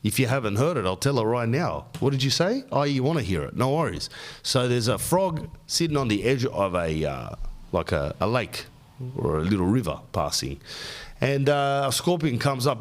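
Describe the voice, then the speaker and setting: A man's voice: medium pitch, very animated, normal speed. An Australian man hosting a podcast, telling stories in a rambling, slangy monologue. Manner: rambling, slangy storytelling, says bro often. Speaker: podcast host.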